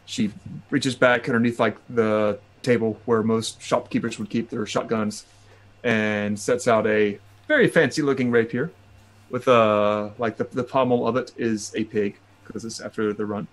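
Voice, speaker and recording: A man's voice: fairly low pitch, steady tone, normal speed. A man narrating a tabletop game as game master, rambling with fillers.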